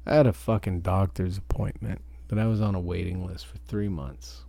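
A truck driver giving a profane, ranting podcast monologue. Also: male voice, deep voice, steady tone, normal speed, gravelly, dark tone.

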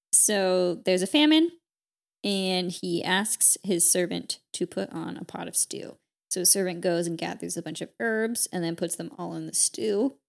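A woman co-hosting a podcast, casually retelling a story with lots of "like" and quick character voices. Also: medium pitch, vocal fry. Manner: chatty, peppered with "like", voices characters in quotes. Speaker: podcast co-host.

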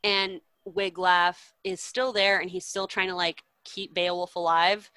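Lady telling an old story with loads of swearing, bright voice, dry close sound. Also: on the low side, measured pace, dry recording, low-quality recording. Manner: animated, swears a lot, acts out characters' lines. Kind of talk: profane casual retelling of a poem.

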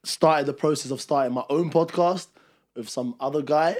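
A young man, co-hosting a podcast and telling a story in casual chat, acting out what others said. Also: fairly high pitch. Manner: rapid, animated, acts out quotes. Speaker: podcast co-host.

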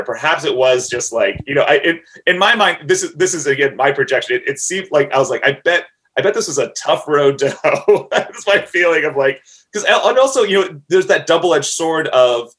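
Brief: halting, thoughtful man co-host, pitched a little high, easygoing. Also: a bit bright. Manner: hesitant, many fillers and restarts, laughs often. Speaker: podcast co-host. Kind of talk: casual chat.

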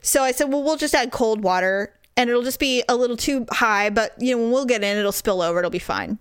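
A middle-aged woman telling a story in casual chat, animated and profane, acting out what people said. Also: fairly high pitch, a little fast, clean tone, no echo, studio quality.

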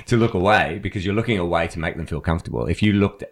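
A man's voice: low-pitched, racing. A man co-hosting a casual podcast chat, explaining with stories and laughing often. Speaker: podcast co-host, listening trainer.

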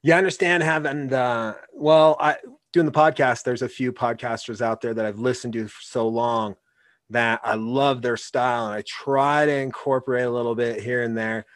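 A man's voice: medium pitch, steady tone, normal speed, dry recording. Easygoing male podcast host. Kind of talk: casual interview talk.

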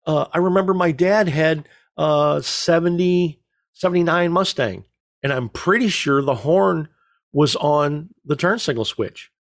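A middle-aged man telling stories in casual chat as a podcast co-host, rambling and joking with a deadpan delivery. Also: a little high, unhurried, no room sound, studio quality.

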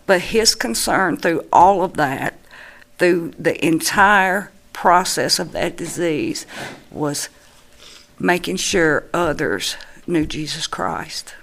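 Slow, gravelly-voiced woman giving testimony. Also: fairly low pitch, expressive, fairly bright tone. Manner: earnest, slow and halting with pauses. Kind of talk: personal church testimony.

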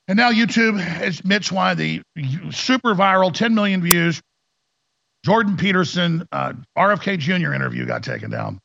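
Gravelly ranting talk radio man. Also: sits high, big pitch swings, moderate pace, bright, forceful tone, no room sound, highs cut off. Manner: ranting, sarcastic, mimics opponents in mocking voices. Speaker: radio talk show host.

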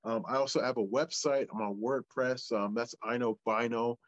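A man's voice: medium pitch, fairly even intonation, normal speed, no room sound, dull audio. A male wrestler as interview guest, talking casually, hesitant and full of fillers. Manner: hesitant, filler-heavy, laid-back.

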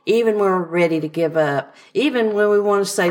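Speaking briskly in a mid-range voice, a podcast co-host reads scripture aloud. She then discusses it in a relaxed Bible study conversation.

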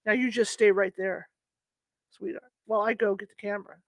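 A woman's voice: medium pitch, steady tone, brisk, no room sound, natural voice. A woman voicing a worried, protective young husband in a read-aloud story, soothing but urgent.

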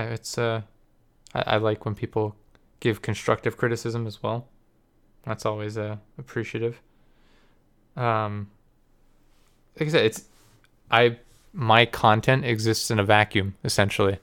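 A young man who co-hosts a podcast and edits video tells rambling, profane, self-deprecating stories in casual chat. His voice is on the low side, a bit bright, and clean in tone.

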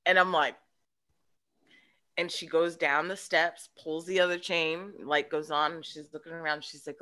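A woman's voice: on the low side, normal speed. A woman, a podcast guest, telling a childhood story in casual chat and acting out the voices in it. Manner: animated, acts out voices in her story.

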